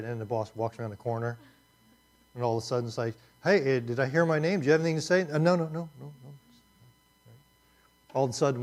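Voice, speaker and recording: A man's voice: mid-range voice, darkish tone. A man teaching a class, talking in a conversational and emphatic way, often repeating himself. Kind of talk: classroom lecture.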